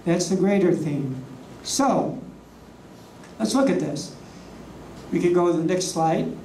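Teaching a ministry class from slides, a preacher delivers key words slowly and emphatically and puts rhetorical questions to the room. His medium-pitched voice is mellow and dark, picked up from a distance in an echoey room over a faint hum.

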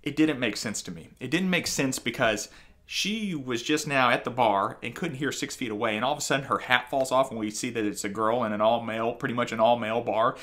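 A man's voice: mid-range voice, fairly quick, bright, forceful tone. A man giving a casual spoken review of an audiobook, talking in a loose, conversational way with frequent fillers and restarts. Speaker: book reviewer.

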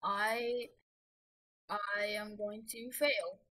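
A woman's voice: medium pitch, fairly even intonation, drawn-out words, sharp tone, poor audio. A woman giving rambling, self-mocking commentary while playing a game, easily flustered. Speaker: gamer. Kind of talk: gameplay commentary.

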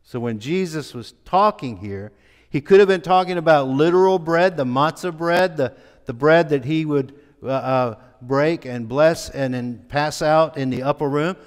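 A man preaching a sermon as a pastor, teaching in a slow, conversational way with frequent fillers and restarts. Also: a little high, big-room sound. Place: church sanctuary.

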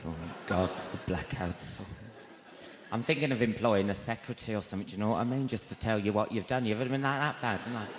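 A man doing a gossipy, camp stand-up routine, his voice jumping to high shrieks. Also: fast, background noise. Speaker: stand-up comedian. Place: large arena before a live crowd. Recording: echoey arena, loud crowd laughter. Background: audience laughter.

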